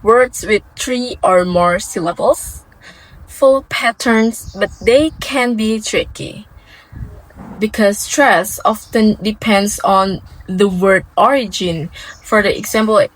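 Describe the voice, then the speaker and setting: A woman's voice: medium pitch, slow, dry recording, low-quality recording. A young woman whose first language is Indonesian gives a class presentation, hesitant and repeating example words. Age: young adult. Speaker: student presenter. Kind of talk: class presentation on word stress.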